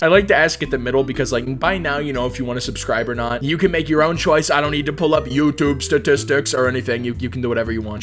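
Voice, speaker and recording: A man with a fairly high voice talks over his gameplay in let's play commentary. He is sarcastic and mock-dramatic, and he jumps from mumbled asides into loud squeals. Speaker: gaming YouTuber.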